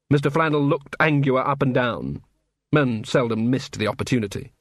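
An audiobook narrator, male, reads a story with wry expressiveness in scripted narration. His voice is mid-range and his pace normal, captured in a dry, studio-quality recording.

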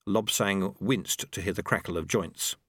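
A man reading a story aloud as narrator, with expressive storytelling. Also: sits low, measured pace, breathy edge, no echo, studio quality. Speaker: audiobook narrator. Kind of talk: scripted narration.

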